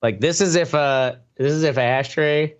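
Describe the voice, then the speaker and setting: A man's voice: fairly high pitch, moderate pace, clear, resonant tone, muffled recording. A man co-hosting a podcast in casual chat, rambling and swearing as he tells family stories and acts out voices. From rural Wisconsin farm upbringing. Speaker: podcast co-host.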